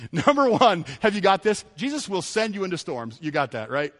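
A man preaching a sermon who talks in an animated way, swinging between loud bursts and hushed passages and laughing often. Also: high-pitched, a little slow. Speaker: pastor. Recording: long hall reverb.

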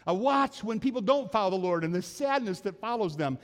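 An older male pastor preaches a sermon in a church sanctuary, his high-sitting voice animated and brisk. He tells earnest, folksy stories from his own life, and the recording carries the long reverb of the church hall.

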